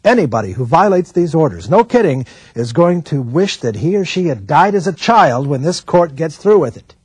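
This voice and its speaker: A man's voice: fairly high pitch, very animated, normal speed, a little mellow, breathy edge, no room sound. A man reading as a stern threatening judge. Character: stern male federal judge issuing a ruling.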